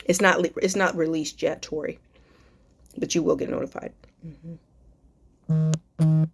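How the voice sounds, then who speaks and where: A woman with a slightly low voice hosts a live stream Q&A as a life coach. She talks to her viewers with deep affection, calling them darling, baby and sweetheart. Her encouragement is spiritual and emotional, close to tears. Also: steady tone, slow, creaky, husky.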